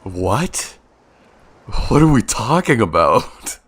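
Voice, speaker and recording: A man's voice: lowish voice, big pitch swings, takes it slowly, breathy edge. A young man streaming a video game, chatting casually, laughing often and restarting his sentences. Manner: laid-back, laughs often, hesitant restarts. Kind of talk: casual gameplay commentary.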